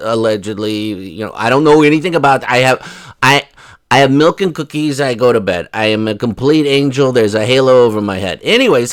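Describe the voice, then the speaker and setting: A man's voice: mid-range voice, dry recording. Joking man acting out a scene. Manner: joking, acts out dialogue in quick bursts. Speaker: commentary host. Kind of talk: casual reaction commentary.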